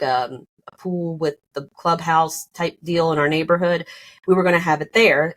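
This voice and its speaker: Low-voiced woman telling her story. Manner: emotional, rambling with many fillers and restarts. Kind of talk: casual storytelling.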